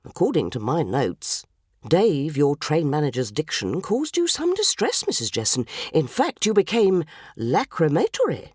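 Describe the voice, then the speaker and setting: A woman's voice: low voice, wildly swooping pitch, moderate pace, darkish tone, slightly rough, dry recording, clean studio sound, pitched below the performer's own voice, exaggerated voice. A woman voicing a solemn, middle-aged male police inspector who speaks in a stiff, formal, dutiful way. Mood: grave.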